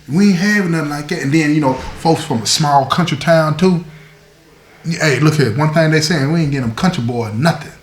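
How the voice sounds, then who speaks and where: Male storyteller host, acting out each quoted voice, pitched a bit high, recorded in a room with echo. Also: moderate pace. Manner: animated, acts out quoted voices.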